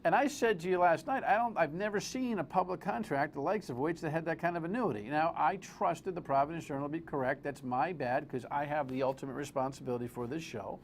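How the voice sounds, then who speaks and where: A man hosting a live TV political talk show, animated and exclamatory, full of rambling asides. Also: a little high, fairly quick, few pauses, slight background noise.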